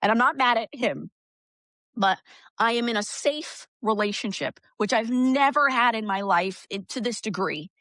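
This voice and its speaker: A woman guest on a podcast, talking candidly with frank swearing and lively storytelling. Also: a little high, normal speed, no room sound, studio quality. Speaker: guest, energy practitioner. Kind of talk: casual podcast conversation.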